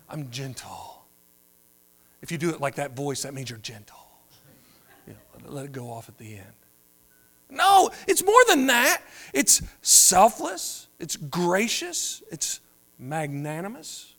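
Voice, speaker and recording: A man preaching a sermon, moving between quiet, drawn-out phrases and louder emphatic ones. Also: fairly high pitch, wildly swooping pitch. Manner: preaching with wide swings between soft and loud. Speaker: pastor.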